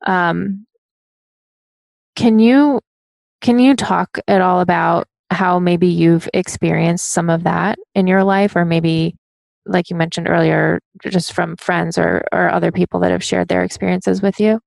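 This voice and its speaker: A woman's voice: fairly low pitch, steady tone, a little slow, vocal fry, a little mellow, dry recording. A woman interviewer asking thoughtful, probing questions with small restarts.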